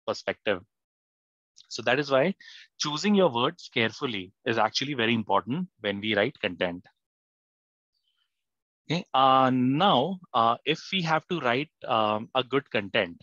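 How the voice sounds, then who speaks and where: A content writing instructor leads a live online class, hesitant and full of fillers and restarts, frequently putting questions to his students. His mid-range voice is fairly bright, captured on an online class mic with a dry but dull sound.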